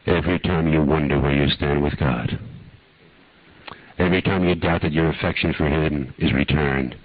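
An older man preaches a storytelling sermon in a rumbling low, steady voice at normal speed, with no echo. His folksy, dramatic narration builds to impassioned pleading, captured on a dull lo-fi archive recording.

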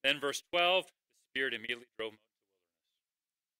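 A man's voice: medium pitch, fast talker, pauses often, pushed and bright, smooth, no echo, poor audio. A man preaching a sermon as pastor, conversational, with rhetorical questions and occasional fillers.

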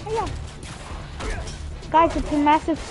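A woman streaming a video game, giving goofy, excitable commentary full of yells and shrieks, with game music behind. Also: sits high, slow pace. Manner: goofy, loud, shrieks and play-fight yells. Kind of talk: excitable let's-play commentary.

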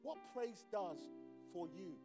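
Fervent high-voiced male preacher. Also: expressive, slow, music in the background. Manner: fervent, swings from quiet asides to shouting. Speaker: pastor. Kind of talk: sermon. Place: church service.

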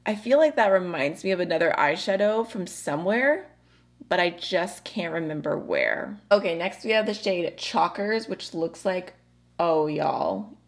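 A woman's voice: lowish voice, sing-song, unhurried, vocal fry. A young adult woman hosting a casual makeup review, chatty and bubbly, laughing often as she talks. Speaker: beauty vlogger.

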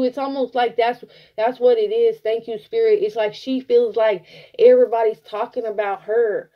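A woman giving a casual tarot reading, blunt and profane, telling it like an animated story. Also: fairly high pitch, normal speed, lo-fi sound. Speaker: tarot reader.

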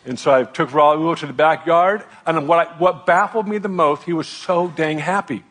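A middle-aged man, a pastor, telling a personal story in a sermon with a candid, self-deprecating, animated manner. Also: on the high side, moderate pace.

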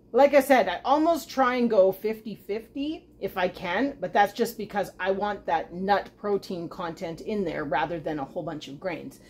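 A woman hosting a homesteading channel, chatting in a self-deprecating way as she walks through a recipe in her home kitchen. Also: mid-range voice. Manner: chatty and self-deprecating, talking while cooking. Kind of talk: casual cooking demonstration.

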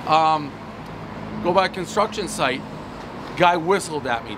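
Brash, high-voiced man on a noisy street. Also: moderate pace, long pauses. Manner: brash, profane, joking. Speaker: pizza reviewer. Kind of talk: casual on-the-street review. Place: city street corner outdoors. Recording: street traffic noise.

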